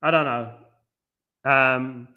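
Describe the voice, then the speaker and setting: This watchalong host speaks with drawn-out words in a mid-range voice that's clean-toned and fairly even, though the audio is narrow and tinny. Streaming from home late at night, he reads viewers' comments about the football match and replies with rambling, blunt scorn.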